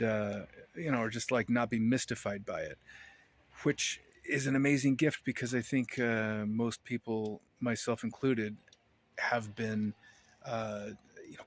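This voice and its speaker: A man talking casually to his camera at home, rambling and wry, often breaking off mid-sentence. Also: on the low side. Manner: rambling, self-interrupting, wry. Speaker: vlogger. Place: indoors, at home.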